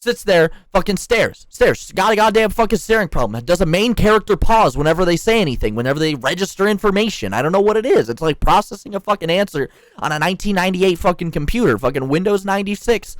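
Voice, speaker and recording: A man's voice: sits high, lively intonation, fast talker, dry recording. Fired-up, profane young man ranting. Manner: profane, heated, sarcastic. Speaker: store worker venting about management. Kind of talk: angry ranting monologue.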